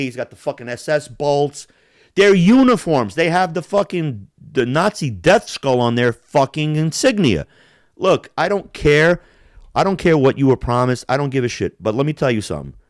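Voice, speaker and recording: A man's voice: mid-range voice, dry recording, studio quality. A man ranting on a casual podcast, heated and profane, mimicking accents to make his point. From Balkans. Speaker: podcast host.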